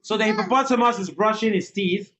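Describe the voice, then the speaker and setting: Speaking briskly in a mid-range voice over crowd noise, an adult woman leads young children in a temporary learning center, repeating prompts and encouraging them to echo her. The classroom is echoey, with faint background noise.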